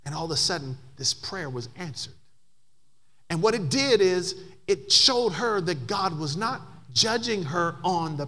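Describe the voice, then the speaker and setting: A man's voice: sits high, bright, forceful tone. A man preaching a sermon as pastor, telling a story and building to emphatic, climbing passages.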